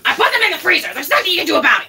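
A young woman chatting casually while she cooks for her vlog, loud, profane and dramatic, swinging between high outbursts and low mutters. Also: very animated, very fast. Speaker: vlogger. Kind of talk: casual cooking vlog chat.

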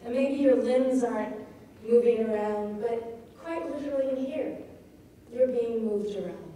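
A woman giving an informal talk on poetry, thoughtful and pausing to search for her words. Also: fairly high pitch, dark tone. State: feeling cold. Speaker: poetry teacher. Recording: distant mic in a very echoey room with faint noise.

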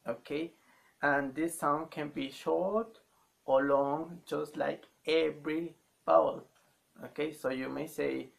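A man teaching a language lesson, speaking slowly and haltingly and repeating each sound many times for learners. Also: on the high side, creaky. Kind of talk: slow spoken language lesson.

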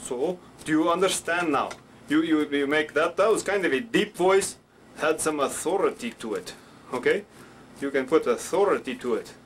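A man's voice: fairly high pitch, lively intonation, moderate pace, slight background noise. A man teaching puppet voices in a rambling, playful way. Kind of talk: instructional puppet show.

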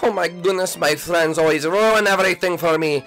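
A man's voice: sits high, moderate pace, a bit bright, soft background music. A man voicing an anxious, lovesick young hero who whines and stammers, in a Minecraft role-play.

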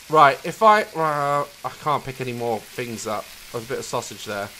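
A man commentating his own gameplay, frustrated, swearing, and breaking into high shouts. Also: expressive, moderate pace, hardly any pauses, very noisy. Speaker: gameplay video maker.

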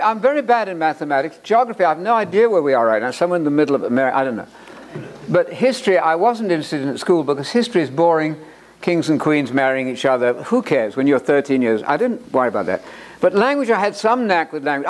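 A man's voice: on the high side, very animated, fast. A man giving a lecture-style sermon to an audience, joking and repeating words for emphasis as he reads quotes aloud. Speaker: Bible college lecturer.

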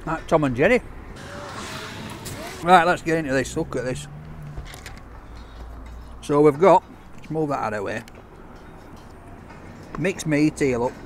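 A man's voice: fairly high pitch, a little slow, pauses often, slight background noise. A man reviewing a takeaway meal in a chatty, enthusiastic, jokey way, talking outdoors on a street. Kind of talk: casual food review vlog.

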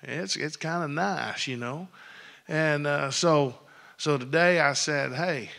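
Pastor guy preaching, folksy stories, high bright voice, big church hall echo. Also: slow, gravelly. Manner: folksy storytelling, builds to loud preaching. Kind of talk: sermon. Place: church sanctuary. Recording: long hall reverb.

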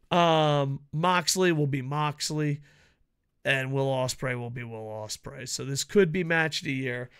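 A man rants his way through a wrestling preview, swearing constantly and mocking as he goes. His voice is bright and forceful, and it swings from loud outbursts down to low, hushed mutters. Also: measured pace, smooth. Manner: profane, mocking, jumps from shouting to mutters. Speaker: wrestling vlogger. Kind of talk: casual wrestling preview rant.

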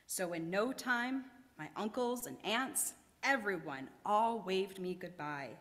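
A woman reads a rhyming storybook aloud at a worship service, her voice swinging widely in pitch. She takes it slowly and theatrically, and a long reverb trails off the church walls. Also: expressive, fairly bright tone. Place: church sanctuary.

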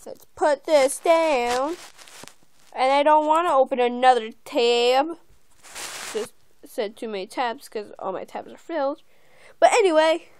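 A woman who has been coughing and is losing her voice, reading a creepypasta aloud in a halting way and stumbling over words as a channel host. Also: high voice, no room sound.

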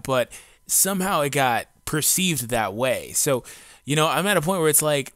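A man's voice: fairly high pitch, lively intonation, normal speed, a bit bright, dry recording. Blunt, defiant man ranting on a dry mic. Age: adult. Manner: blunt and defiant, slangy with frequent profanity; loose rambling talk with many fillers. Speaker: gaming YouTuber. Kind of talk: casual unscripted rant to camera. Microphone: home recording mic.

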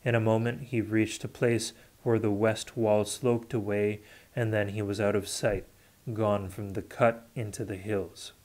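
A man reading a novel aloud, unrehearsed, in a measured and deliberate way. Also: on the low side, flat delivery, darkish tone. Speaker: audiobook reader. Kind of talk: unrehearsed audiobook narration.

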